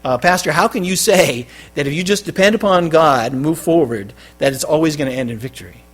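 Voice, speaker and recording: A man preaching a sermon as pastor, with loud stressed phrases that drop to quiet endings. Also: a little high, a little fast. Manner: emphatic, swinging between loud stresses and quiet drops. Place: church.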